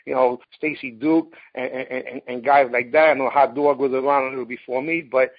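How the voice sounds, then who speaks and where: A man from New York City hosting a casual interview, eager and quick to jump in, often repeating words as he gets going. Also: medium pitch, steady tone, highs cut off. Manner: enthusiastic, repeats words as he starts his sentences. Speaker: host.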